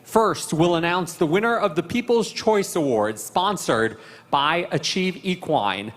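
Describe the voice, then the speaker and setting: A man with a fairly high voice calls out award winners at a live horse event. He announces in a formal, ceremonial way, and his voice rings with long reverb through a large indoor arena. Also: lively intonation, measured pace, a bit bright.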